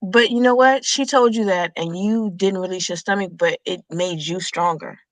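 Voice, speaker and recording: An American woman talking in a casual group chat, telling stories in a relaxed way. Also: lowish voice, moderate pace, no room sound.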